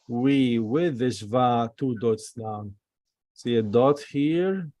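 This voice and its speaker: A man teaching an online Hebrew class, taking his time as he names each letter and vowel mark. His voice is dry and close on a video-call mic, and his pace is slow and careful. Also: medium pitch, a little mellow, dry recording. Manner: patient, spells out letters slowly.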